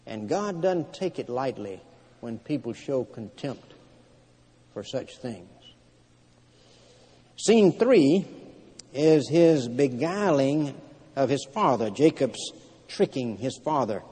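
A man preaching a sermon, retelling scripture in a plain storytelling way with frequent pauses and fillers. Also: medium pitch, expressive, mellow, breathy edge. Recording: long hall reverb.

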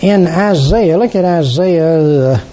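An older man teaching a Bible study class, halting with frequent fillers and throat clearing. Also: mellow. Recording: dull lo-fi recording with faint rumble.

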